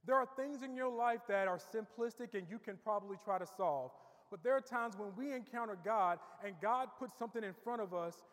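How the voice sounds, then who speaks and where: A man's voice: high-pitched, brisk. A man preaching a sermon as pastor, building with rising emphasis and repeating words as he goes. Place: church sanctuary. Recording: long reverb of a church hall.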